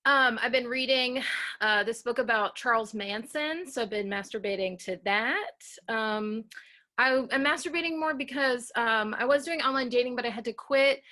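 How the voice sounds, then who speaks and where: A woman with a bright, slightly high voice delivers a deadpan stand-up bit. She pauses often and fills the gaps with ums. Her sharp tone keeps each dry line crisp. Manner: hesitant, frequent ums. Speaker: comedian guest. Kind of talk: deadpan stand-up set and improv banter.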